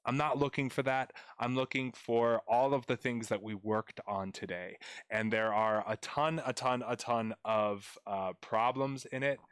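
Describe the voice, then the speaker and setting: A man's voice: mid-range voice, steady tone, a little slow, a bit bright, clean tone, no room sound, studio quality. Chatty young male tutor on stream. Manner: chatty, playful, addresses chat viewers directly. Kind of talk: live-streamed grammar lesson.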